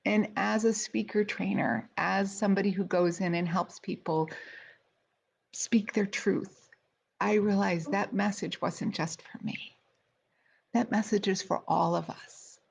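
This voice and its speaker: A middle-aged woman with a medium-pitched, steady, unhurried voice that's creaky and husky tells a personal story. She's a speaker trainer hosting a weekly live video, and her casual, chatty delivery is full of fillers and restarts. The recording sounds slightly dull and lo-fi.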